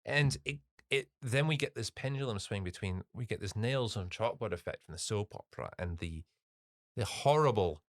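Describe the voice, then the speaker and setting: A man's voice: on the low side, brisk, few pauses, no echo, studio quality. A young man co-hosting a podcast, ranting jokily in a casual film review chat. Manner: animated, ranting, jokey. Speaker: podcast co-host.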